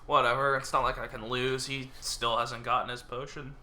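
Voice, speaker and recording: A man's voice: medium pitch, level tone, moderate pace, sharp tone, slight background noise. A man giving casual, muttering commentary while he plays a card game online, with sarcastic outbursts at bad draws. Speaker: gameplay streamer.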